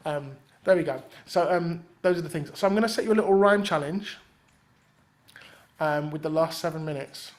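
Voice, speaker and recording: A man's voice: on the high side, moderate pace. A man leading a rap writing workshop in casual teaching talk. He is easygoing, fills gaps with "um" and slips into rhythmic rap examples as he explains. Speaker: workshop leader and rapper.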